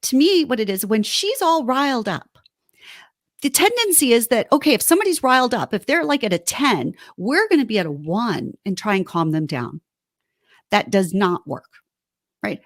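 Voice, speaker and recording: A high-pitched woman co-hosting a relationship podcast, her voice swooping up and down as she talks. She sounds animated and casual. The recording is close and dry. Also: dry recording. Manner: animated, acts out heated quotes. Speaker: podcast co-host. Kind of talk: casual relationship advice chat.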